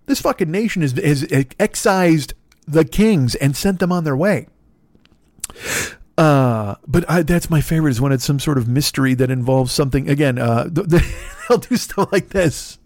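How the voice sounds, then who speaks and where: A man's voice: fairly high pitch, moderate pace, a little mellow, no echo, clean studio sound. A man ranting as a comedy podcast host, profane, sarcastic and rambling. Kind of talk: comedic rant.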